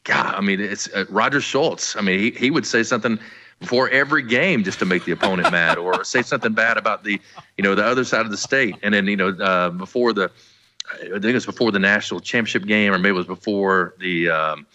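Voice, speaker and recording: A man's voice: lowish voice, fairly quick, sharp tone, dull audio. A man, a former college football player, co-hosting a sports talk show in a rambling, easygoing way with many restarts.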